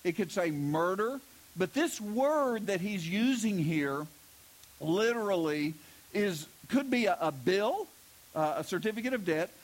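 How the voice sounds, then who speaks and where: A man's voice: sits high, expressive, measured pace. A middle-aged man preaching a sermon as pastor, telling stories and stressing key words with emphasis. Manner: storytelling with emphatic preaching, voices quoted characters.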